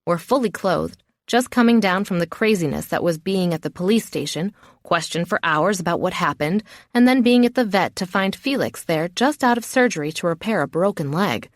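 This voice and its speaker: Expressive woman narrating an audiobook. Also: on the low side, normal speed, no echo, clean studio sound. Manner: expressive, dramatic in the heroine's outbursts. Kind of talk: first-person audiobook narration.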